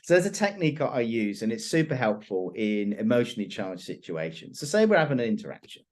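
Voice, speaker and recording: A man trainer teaching influence techniques in an animated, expressive conversational way. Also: mid-range voice, fast talker. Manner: animated, expressive, laughs often.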